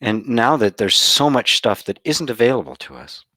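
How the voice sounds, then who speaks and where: A man giving a contemplative spiritual talk, speaking slowly and sometimes dropping to a soft whisper for emphasis. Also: medium pitch, sing-song, no room sound. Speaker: spiritual teacher. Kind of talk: satsang talk.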